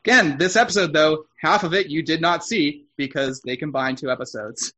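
A man with a slightly higher voice talks casually on a podcast, explaining background details like a knowledgeable fan. He often pauses to correct himself or add a point he missed. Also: pushed and bright. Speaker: podcast co-host. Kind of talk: casual chat.

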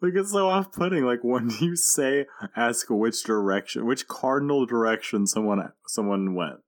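A man's voice: mid-range voice, lively intonation, normal speed. A man co-hosting a podcast, chatting casually and adding amused, laughing asides. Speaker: podcast co-host. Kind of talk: casual chat.

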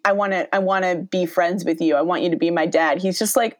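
A woman's voice: on the low side, fairly even intonation, fairly quick. A woman casually recapping a movie, acting out the characters' lines and laughing often. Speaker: podcast co-host recapping a movie. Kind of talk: casual chat.

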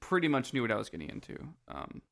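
A man's voice: medium pitch, very animated, quick pace, gravelly. A man co-hosting a casual podcast, laid-back, with crude jokes and lots of ums. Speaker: podcast co-host. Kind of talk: casual game-recap chat.

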